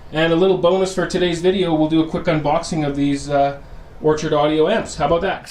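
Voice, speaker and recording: A man hosting a casual home theater vlog, chatting to viewers as "guys" and teasing what comes next, recorded on a camera mic in his home theater room. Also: fairly high pitch. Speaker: home theater channel host.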